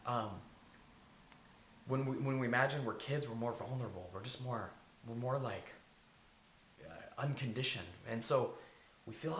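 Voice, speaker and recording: A man's voice: medium pitch, normal speed, pauses often, a bit bright. A man giving casual, earnest self-help advice, informal and now and then swearing. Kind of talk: casual advice talk to camera. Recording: echoey room, faint hiss.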